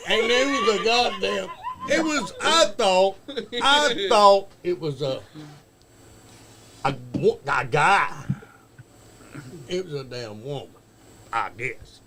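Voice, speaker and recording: A man telling a profane story in a halting, drawn-out way as a guest on a talk show. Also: high voice, expressive, a crowd in the background. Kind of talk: casual storytelling chat.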